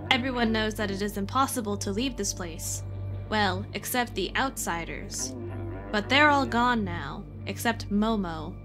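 Calm robot villager from a game, matter-of-fact, unhurried; a woman voices it plainly. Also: mid-range voice, over music, close to an everyday voice. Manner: reads game dialogue aloud plainly.

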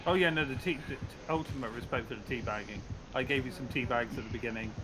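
A man's voice: mid-range voice, fast talker, music in the background, poor audio. A man chatting casually while gaming, laid-back and joking. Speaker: fellow gamer. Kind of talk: casual gameplay banter.

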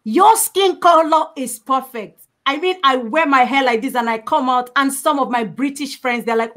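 High-voiced emphatic woman from Africa. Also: normal speed, a bit bright. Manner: emphatic, repeats key points for stress. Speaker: panel speaker. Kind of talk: impassioned panel talk.

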